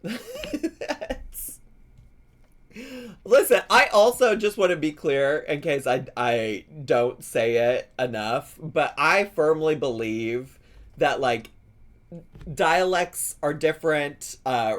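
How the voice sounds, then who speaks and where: A man's voice: fairly high pitch, big pitch swings, slow. A man giving casual, playful live-stream commentary on a video, laughing often and drawing out words in mock pronunciations. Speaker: reaction streamer.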